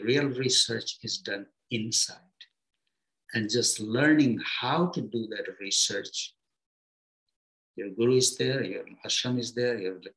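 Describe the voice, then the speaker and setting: A man teaching his students on the spiritual path, speaking in a middle-pitched, gentle voice. He sets out short phrases one at a time with pauses between them and leans on simple everyday comparisons to keep his teaching encouraging. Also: low-quality recording.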